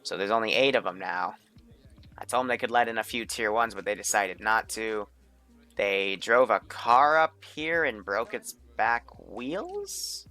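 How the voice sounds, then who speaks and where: A man's voice: lowish voice, very animated, a little slow, sharp tone. A man running a multiplayer military game session, thinking aloud in an offhand way and swearing casually. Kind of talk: casual gameplay commentary.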